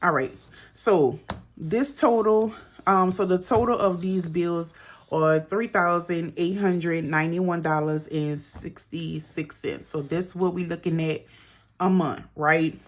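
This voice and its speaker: A middle-aged woman runs through her monthly bills in a casual budgeting vlog, adding up figures while calling her viewers "girl" and "y'all." She sounds out of breath, with a lowish, steady voice and a slow delivery.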